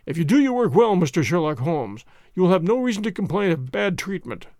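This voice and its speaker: A man's voice: sits high, sing-song, fairly quick, darkish tone, no echo, clean studio sound. A man voicing a proud, aging male nobleman who speaks in a stern, imperious way.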